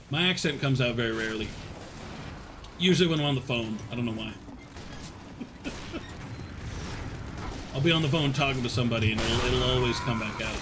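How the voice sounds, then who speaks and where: A man's voice: medium pitch, moderate pace, long pauses, background noise. A young man from northern Alabama with a faint Southern US accent, chatting casually with his viewers and laughing often as he streams a game. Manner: chatty, laughs often, answers chat between plays. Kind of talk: casual live-stream chat while gaming.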